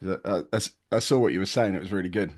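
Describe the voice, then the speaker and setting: A man's voice: low-pitched, very fast, darkish tone. A man, chatting casually on a podcast in a rambling, stop-start way. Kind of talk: casual chat.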